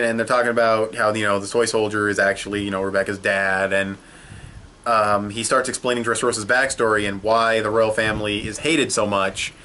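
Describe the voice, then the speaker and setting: A man's voice: lowish voice, bright, forceful tone. A young man giving a casual, rambling video review, peppered with swearing and fillers. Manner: rambling and profane, with many fillers. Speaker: anime episode reviewer.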